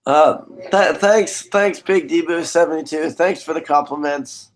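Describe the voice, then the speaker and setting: Hoarse man reading chat aloud. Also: on the high side, a little slow, low-quality recording. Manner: reads chat comments aloud, joking. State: hoarse, voice partly gone. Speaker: live stream host. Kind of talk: casual live stream chat.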